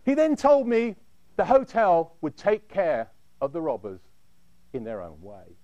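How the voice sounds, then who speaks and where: A man recounts a dramatic first-person story in a high voice that swoops widely. His delivery is measured, and each phrase falls away low and quiet. The sound is close and dry, with no room echo. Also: huge pitch swings, lo-fi sound.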